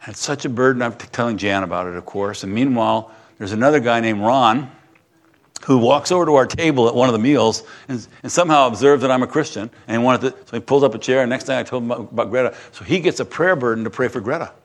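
A man's voice: medium pitch, fast talker. Conversational man preaching a sermon. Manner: conversational, drops to soft hushed tones for emotional moments. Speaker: pastor. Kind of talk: sermon with personal storytelling.

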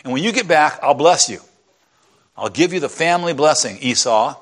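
A preacher putting on a frail, blind old father who speaks haltingly and solemnly. It is a light sketch of the character told from the pulpit. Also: fairly high pitch, animated, fairly bright tone. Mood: fond.

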